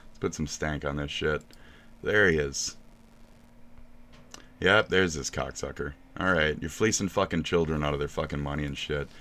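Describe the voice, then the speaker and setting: Man, streamer, deep voice, bright forceful tone, profane ranting reaction. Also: moderate pace, long pauses. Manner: crude ranting, mocking and swearing.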